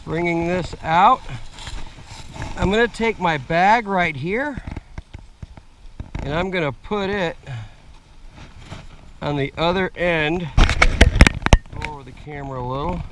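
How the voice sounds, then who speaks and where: Outdoor gear vlogger, male, slightly rough voice, slow plain how-to delivery. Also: fairly high pitch, fairly bright tone, slight background noise. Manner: slow, plain step-by-step explaining with fillers. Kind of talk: casual how-to demonstration. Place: outdoors in woods.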